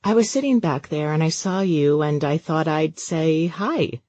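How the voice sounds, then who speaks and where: A woman's voice: sits low, a little slow, warm tone, dry recording, dull audio. A woman voicing a nervous, flustered young woman who talks in awkward, rambling bursts. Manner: awkward, rambling, self-conscious.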